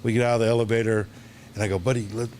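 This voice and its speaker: Bartender telling lively stories. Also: male voice, lowish voice, racing, a little hiss or hum. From Dallas, Texas. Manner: animated anecdotes, acts out quoted voices, hesitant restarts. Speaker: guest, longtime bartender. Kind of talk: casual storytelling.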